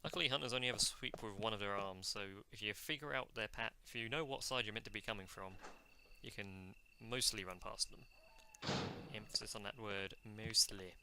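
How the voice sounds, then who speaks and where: A man hosting a let's play chats casually about the game, mocking himself and talking to the enemies on screen as gameplay commentary. His fairly low voice is bright and forceful, and he talks a little fast. There's a little hiss or hum in the background.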